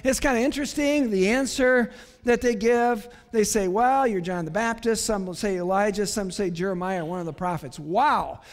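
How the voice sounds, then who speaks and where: A male pastor preaching a sermon, animated, moving between quiet asides and emphatic declarations. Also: high voice, normal speed. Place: church sanctuary. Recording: long church hall reverb.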